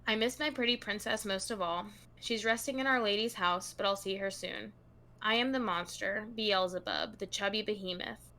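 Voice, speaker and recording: A woman's voice: mid-range voice, moderate pace, sharp tone. A woman co-hosting a true crime podcast, reading long passages aloud to her co-host in a casual, chatty tone.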